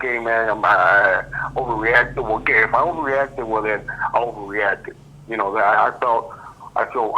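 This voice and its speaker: A man's voice: lowish voice, bright, forceful tone, poor audio. A middle-aged man, telling a prison-life story bluntly and with profanity. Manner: blunt, profane, streetwise, repeats "you know what I mean". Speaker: host. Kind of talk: casual storytelling.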